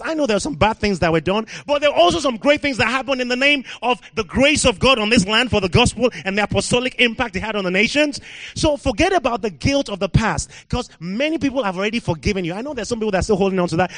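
A man from Africa preaching a sermon, swinging from quiet, musing talk to loud shouting and laughing at himself. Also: very high-pitched, big pitch swings, brisk, dry recording.

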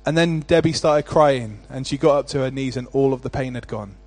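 A male pastor delivering a sermon in a rhythmic, repetitive cadence that builds to forceful declarations. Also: mid-range voice, brisk, no echo.

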